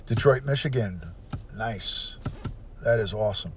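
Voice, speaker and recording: A man's voice: medium pitch, expressive, normal speed, highs cut off. A middle-aged man hosts a casual livestream, greeting viewers by name and place and giving blunt opinions. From United States. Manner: reads out viewer comments and greets them by place. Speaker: livestream host.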